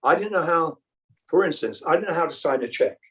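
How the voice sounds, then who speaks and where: An older man from Britain answers interview questions in a loose, rambling way, full of restarts and easy laughs. His speaking voice sits somewhat high for a man. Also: animated, brisk, far from the mic, low-quality recording. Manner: rambling, many fillers and restarts, laughs easily. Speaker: rock singer, interview guest. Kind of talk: casual interview chat.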